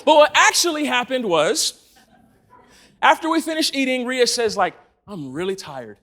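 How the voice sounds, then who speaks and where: A man from Los Angeles preaching in church, his voice unusually high and swinging widely up and down. He tells a story with animated energy and laughs often. He sounds like he is in his thirties. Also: normal speed. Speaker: church speaker. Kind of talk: sermon. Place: church in front of a congregation.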